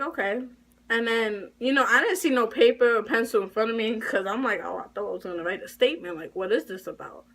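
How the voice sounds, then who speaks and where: A teenage girl telling a story to her camera. She talks casually and acts out both sides of the conversation, her voice jumping high when she is outraged. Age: teens. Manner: animated retelling, shrill when indignant. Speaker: high school student.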